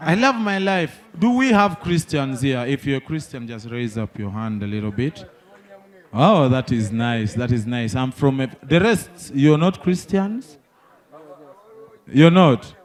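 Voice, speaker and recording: A young Ugandan man from the north doing stand-up, telling animated stories and talking to the crowd. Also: medium pitch. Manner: animated, quick storytelling with crowd asides. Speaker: stand-up comedian. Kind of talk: stand-up comedy storytelling.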